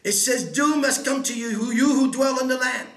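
A man preaching an impassioned prophetic sermon, often shouting and repeating his phrases for emphasis. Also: very high-pitched, normal speed, reverberant.

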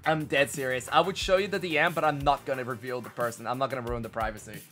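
A man's voice: mid-range voice, fast, fairly bright tone, soft background music. A young Australian man streaming, reacting to fan memes in casual chat, laughing often and swearing freely.

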